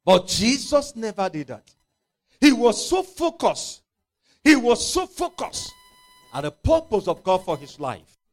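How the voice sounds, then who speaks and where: A man delivers a sermon in a high, lively voice. His pitch swings widely as he acts out biblical scenes, shifting between hushed asides and fervent outbursts. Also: unhurried. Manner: impassioned, dramatizing scripture with acted voices. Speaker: preacher.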